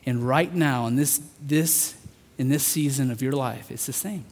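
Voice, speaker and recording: A man preaching a sermon, earnest, rising to emphatic peaks and then dropping soft. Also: mid-range voice, measured pace. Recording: long hall reverb.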